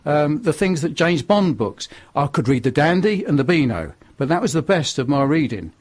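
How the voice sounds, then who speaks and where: A man's voice: a little high, big pitch swings, normal speed. An older man from northern England, a radio interview guest telling his testimony in a forthright, preachy way.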